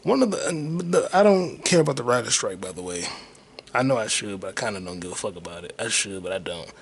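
A man's voice: low-pitched, lively intonation, fast, husky. A man hosting his own podcast alone, rambling profanely while he looks things up online and thinks aloud. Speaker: podcast host. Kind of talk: casual solo podcast rambling.

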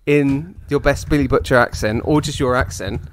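A man's voice: medium pitch, normal speed, crowd noise. Playful British man with a wheezy laugh. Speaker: podcast co-host. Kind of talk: casual chat.

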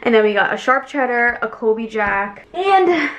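A bubbly woman vlogger chats casually to her camera, excited and talkative. Her voice sits a little high, with a faint hiss of noise behind it. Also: moderate pace. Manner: bubbly, chatty, easily excited. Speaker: lifestyle vlogger. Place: shops, car and home kitchen. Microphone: camera mic, handheld then tripod.

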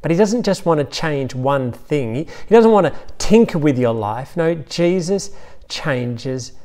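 A man with an Australian accent preaching an Easter sermon, retelling scenes with lively storytelling asides. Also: on the high side, a little slow. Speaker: pastor.

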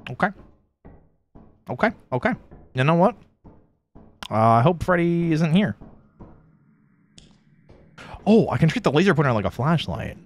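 A young man streams a horror game with friends, joking one moment and jumpy the next. His voice sits a little high and swings widely in pitch. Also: unhurried, long pauses. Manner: animated, jumpy, joking, yells when scared. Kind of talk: casual gaming stream chat.

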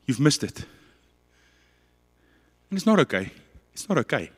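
A man with a South African accent preaching a passionate, dramatic sermon that swings between loud and quiet. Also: medium pitch, very animated, unhurried, husky, long reverb tail.

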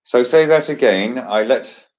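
A man's voice: medium pitch, measured pace, darkish tone, muffled recording. A man hosting a casual chat, joking and chatty with theatrical asides. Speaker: host.

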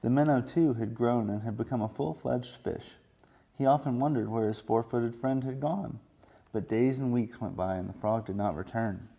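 Mellow-voiced man reading a storybook. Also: mid-range voice, normal speed, vocal fry, slightly rough, highs cut off. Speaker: children's librarian. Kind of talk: reading a picture book aloud.

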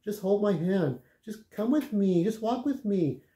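A woman's voice: mid-range voice, expressive, a little slow, dark tone, voice pushed up, close to an everyday voice. A man voicing a spaced-out young woman on drugs who keeps pleading in repeated, insistent phrases. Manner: insistent, repetitive begging.

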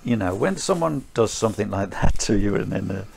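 A man's voice: lowish voice, expressive, a little fast, vocal fry, darkish tone, a little hiss or hum. A man, a martial arts teacher, talking in casual podcast chat, rambling with dry chuckling asides.

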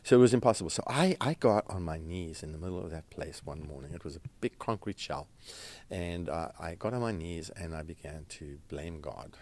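A man, a restaurant founder, telling his story in an interview in an earnest, halting way, with fillers and restarts. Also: deep voice, animated, a little mellow. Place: red carpet event.

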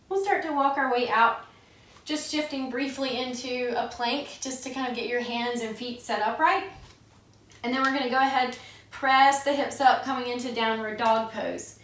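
A woman leading a gentle yoga class, giving calm, soothing cues paced with the breath. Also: high voice, moderate pace, far from the mic. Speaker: yoga instructor. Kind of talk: gentle guided yoga instruction. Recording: echoey room, voice a bit off-mic.

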